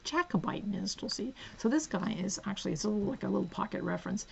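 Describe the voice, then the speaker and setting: Woman host, casual haul vlog, gravelly edge, giggly asides, slightly muffled home recording. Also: medium pitch, steady tone, very fast. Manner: chatty, giggly, drifts into soft whispers while reading spines. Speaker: book vlogger.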